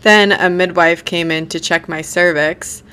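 A woman's voice: on the low side, steady tone, measured pace, sharp tone, smooth. A young woman hosting a podcast, telling a personal story in a blunt, casual way, swearing freely and laughing through the hard parts. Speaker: podcast host.

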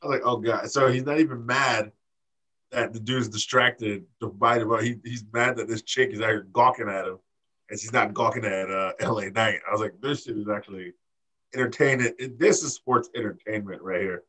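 A man co-hosting a casual wrestling chat, animated and swearing, acting out quotes in high voices. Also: brisk, poor audio. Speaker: podcast co-host.

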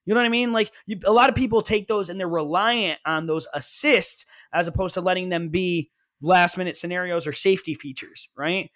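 A man with a high, bright voice speeds through casual podcast talk into a headset. He is animated, stumbles over repeated words and tosses in asides. He sounds lively and keeps pushing his point. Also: fairly quick, hardly any pauses. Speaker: podcast co-host.

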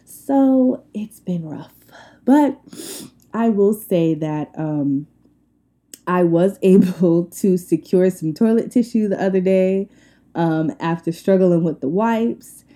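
A woman's voice: fairly low pitch, slow pace. A woman in her twenties hosting a casual solo podcast, telling stories bluntly and colloquially with lots of laughter. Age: 20s. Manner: animated storytelling with frequent laughs and rants. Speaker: podcast host.

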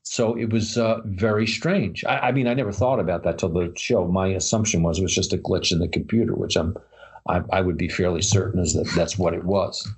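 A man's voice: sits low, steady tone, fairly quick, slightly rough. A man co-hosting a casual chat about paranormal stories, rambling with many fillers and restarts. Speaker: podcast co-host.

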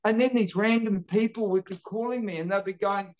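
A man from New Zealand, an energetic podcast guest telling his story with lively acted-out quotes. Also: sits high, fairly quick, hardly any pauses, dull audio. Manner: energetic, acts out quoted voices. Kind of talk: animated storytelling.

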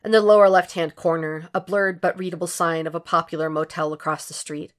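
A woman narrates fan fiction in an audiobook. Her voice sits low and her reading stays steady and even. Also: brisk. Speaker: audiobook reader.

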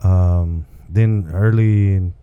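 A man's voice: low-pitched, fairly even intonation, very slow, clean tone, phone-quality sound. A man from Texas, a comedian guest, chatting casually and telling rambling stories, often adding "you know what I'm saying". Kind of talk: casual podcast chat.

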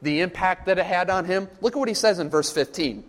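A man's voice: high voice, brisk, hardly any pauses, big-room sound. A man preaching a sermon at a church camp, emphatic and repetitive, often putting questions to his listeners. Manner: emphatic, repetitive, quizzes the audience.

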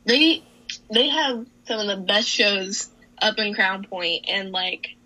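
Bright-voiced giggly young woman. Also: medium pitch, slow, rough recording. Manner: giggly, chatty, lots of fillers. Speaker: wrestler. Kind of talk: casual interview answers.

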